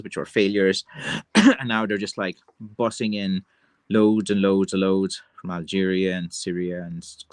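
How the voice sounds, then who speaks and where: A man's voice: sits low, no echo. Rambling Irish man ranting, dry sound. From Ireland. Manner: rambling and excitable, full of fillers like "like" and "you know"; slangy, calling people "man" and "lads". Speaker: livestream host. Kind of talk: casual rant on a livestream.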